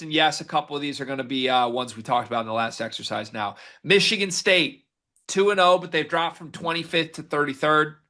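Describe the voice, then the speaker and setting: A man with a bright, forward voice at an ordinary pitch, co-hosting a casual sports podcast. He runs the segment, reads out the numbers and tosses each question to his partner. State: hiccuping. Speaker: podcast co-host.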